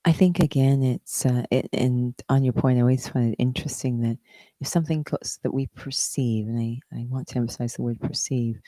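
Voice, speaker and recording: A meditation teacher explaining spiritual ideas in a reflective conversation, stressing key words and letting phrases fall softly at their ends. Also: mid-range voice, fairly even intonation, fairly quick, dry recording.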